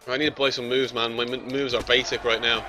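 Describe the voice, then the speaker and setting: Fast and fairly flat in pitch movement, this young man's medium voice runs through casual commentary on a match he's playing. He curses, taunts the opponent, and shouts whenever things go badly. Soft music plays behind him.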